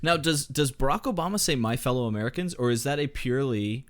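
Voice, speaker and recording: A man's voice: medium pitch, lively intonation, quick pace, fairly bright tone. Laid-back young man co-host. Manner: laid-back, feeds prompts, laughs along. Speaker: comedy podcast co-host. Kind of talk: improvised comedy banter.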